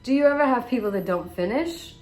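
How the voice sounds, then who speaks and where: A woman's voice: a little high, brisk, faint music behind. A young woman, a tattoo artist, telling stories in a casual vlog and acting out the voices of the people in them. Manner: animated storyteller, reenacts voices.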